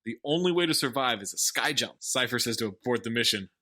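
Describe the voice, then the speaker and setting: Bright-voiced man recapping a movie. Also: mid-range voice, expressive, fast. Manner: recounting the plot with wry jokes. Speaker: podcast co-host.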